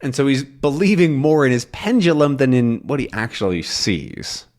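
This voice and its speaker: A young man teaching English, explaining a comic slowly and clearly, rephrasing as he goes. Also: mid-range voice, lively intonation, darkish tone. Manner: slow, clear, repeats and rephrases.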